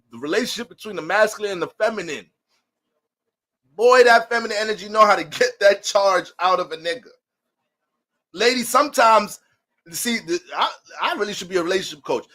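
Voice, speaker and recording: A man's voice: sits high, a bit bright. A man talking as an astrologer in a casual, profane and joking monologue.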